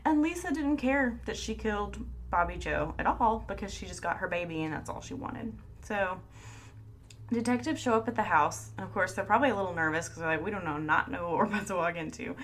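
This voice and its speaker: A woman's voice: medium pitch, fairly bright tone. A woman co-hosting a podcast, telling a story in a casual, chatty way and laughing often. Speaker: podcast co-host. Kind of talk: casual chat.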